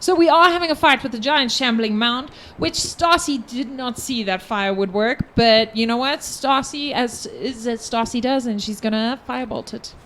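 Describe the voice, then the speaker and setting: A woman's voice: fairly high pitch, fairly bright tone, a little hiss or hum. A woman running a tabletop game livestream as game master, chatting and joking with her players between turns. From South Africa. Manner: giggly, apologetic, quick banter.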